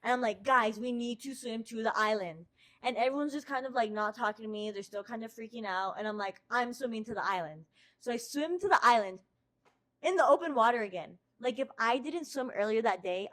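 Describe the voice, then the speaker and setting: A woman's voice: fairly high pitch, brisk. Young american woman telling a story. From United States. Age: young adult. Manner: lively, swears constantly, acts out her own quotes. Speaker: podcast host. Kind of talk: casual storytelling.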